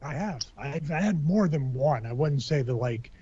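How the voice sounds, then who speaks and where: A husky man rambles through a casual podcast conversation, stopping and restarting his sentences. He jokes as he goes. The recording sounds dull and lo-fi. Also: on the high side, lively intonation, measured pace, dark tone. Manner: rambling, joking, with many restarts.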